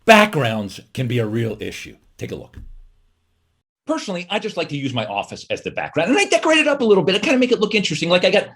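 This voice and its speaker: A middle-aged man delivering a wry comedy monologue from his home office, full of quick asides and mocking voices. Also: high-pitched, wildly swooping pitch, a bit bright, breathy edge.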